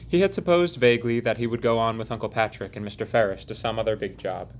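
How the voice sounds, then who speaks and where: A man narrating an audiobook chapter in a measured, deliberate reading. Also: lowish voice, slight background noise. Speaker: audiobook reader.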